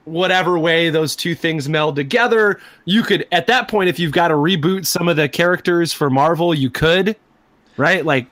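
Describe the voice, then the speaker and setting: A man chats casually about comics in a playful, joking way, often checking in with "right?". His voice sits a little high. The sound is dry and close, with no room around it. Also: moderate pace, a bit bright, no echo. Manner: playful, jokey, builds ideas with repeated "right?". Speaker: podcast co-host.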